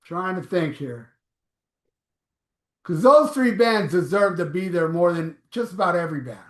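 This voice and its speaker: A man's voice: sits high, lively intonation, unhurried, fairly bright tone, echoey room. A man hosting a live stream, reading viewer comments aloud in a blunt, offhand, profane way. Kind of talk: casual live chat.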